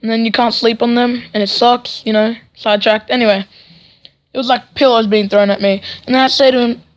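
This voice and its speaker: A man's voice: very high-pitched, flat delivery, brisk. A teenage boy telling a storytime vlog in a rambling, sarcastic way, with frequent "right?" asides. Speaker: vlogger.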